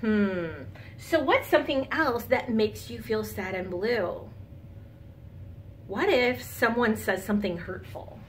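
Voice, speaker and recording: A woman teacher giving a lesson to young children, patient and encouraging, guiding them calmly. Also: on the high side, slow, a little hiss or hum. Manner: calm, soothing guidance.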